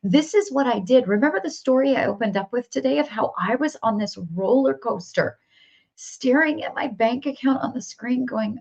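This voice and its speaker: A woman's voice: high-pitched, expressive, moderate pace. A woman business coach leading a live workshop, upbeat and encouraging, repeating phrases for emphasis. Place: home office with whiteboard. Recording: slightly dull lo-fi audio.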